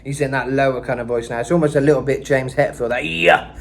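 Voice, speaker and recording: A man's voice: mid-range voice, fairly even intonation, fast talker, loud music behind the voice. A man giving a casual vocal lesson, talking loosely with lots of "kinda" and "you know.". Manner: breaks into screamed metal demos. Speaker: vocal coach.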